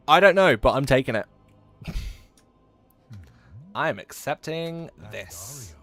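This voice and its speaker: A man's voice: medium pitch, a bit bright. Giggly man streaming a game. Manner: chatty and giggly, reads chat aloud, trails off in fillers. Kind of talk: casual live-stream chat while gaming.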